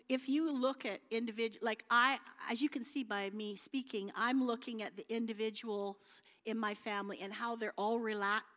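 A middle-aged woman speaks at church in a friendly, homely, chatty way, full of fillers and restarts. Her voice sits at an ordinary pitch for a woman. A long reverb hangs behind her words, as in a large hall. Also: fairly bright tone. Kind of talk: informal sermon with slides.

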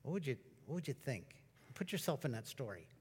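A man preaching a sermon in a conversational, storytelling way, at times breaking into excited exclamations. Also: medium pitch, fairly quick, husky. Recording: long reverb of a large hall.

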